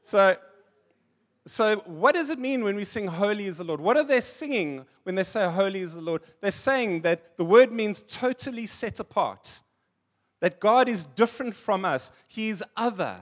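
A man with a notably high-pitched voice delivers a sermon to his congregation. He preaches in an easy, conversational way, breaking off into humorous stories and chuckling along with them. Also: fairly bright tone. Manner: conversational preaching, tells funny anecdotes and laughs. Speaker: pastor.

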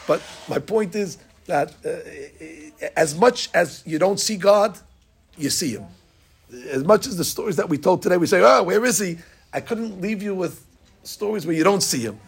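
An older man telling an animated story as a lesson, acting out the dialogue and laughing at his own tale. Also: on the high side, normal speed, gravelly. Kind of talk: storytelling sermon.

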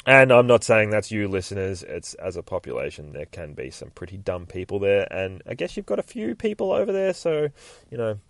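A man's voice: on the low side, very animated, brisk, vocal fry, no room sound, studio quality. A man hosting a comic book podcast, reading an issue aloud with rambling, profane, joking asides. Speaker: podcast host.

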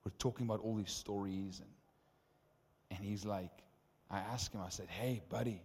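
A young man preaching a testimony sermon, telling stories with lively acted-out dialogue. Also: lowish voice, normal speed, slightly rough. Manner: animated, acts out dialogue in stories. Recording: long reverb of a hall.

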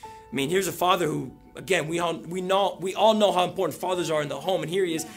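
Guy preaching a sermon, kinda gravelly, faint music playing behind him. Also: sits high, quick pace. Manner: storytelling, rising to loud emphatic peaks. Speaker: pastor.

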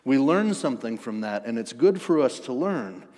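A male pastor giving a sermon, swinging from hushed storytelling to forceful emphasis. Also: mid-range voice, very animated, normal speed. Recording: long hall reverb.

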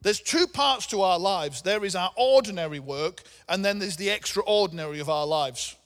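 A man in middle age preaches in a high voice, speaking casually and breaking into humorous asides between scripture readings. His voice carries a long reverb from a large hall. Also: expressive, normal speed. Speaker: pastor. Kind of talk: sermon.

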